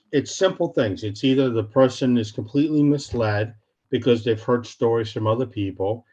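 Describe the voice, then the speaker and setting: A man speaking as a podcast guest about home sales, blunt and animated, often acting out what clients should say. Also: mid-range voice, lo-fi sound. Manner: blunt, animated storytelling with acted-out quotes. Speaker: real estate short sale specialist, podcast guest. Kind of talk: casual interview talk.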